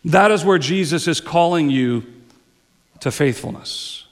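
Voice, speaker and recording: A man preaching in a church sanctuary, his voice sitting high for a man and ringing out into a long hall reverb. He takes his time, rising into emphatic swells and sinking to quiet, low phrases. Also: animated, a little slow. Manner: repeats words and restarts phrases. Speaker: pastor. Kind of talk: sermon.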